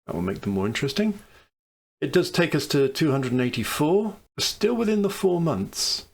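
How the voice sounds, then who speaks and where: A man's voice: on the high side, very animated, normal speed, gravelly. A man giving casual commentary on a strategy game he is playing, thinking aloud over each choice with dry, wry asides. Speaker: let's play commentator.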